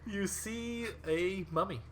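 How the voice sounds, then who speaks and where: A man's voice: sits high, slow pace, fairly bright tone. A man narrating as dungeon master, rambling with fillers and frequent laughs. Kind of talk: narrating a tabletop game.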